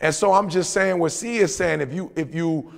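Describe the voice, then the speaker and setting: Man, high voice, gravelly, motivational podcast talk, animated storyteller, reverberant room. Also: moderate pace. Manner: animated storytelling, repeats phrases, rising emphatic pitch. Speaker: podcast co-host.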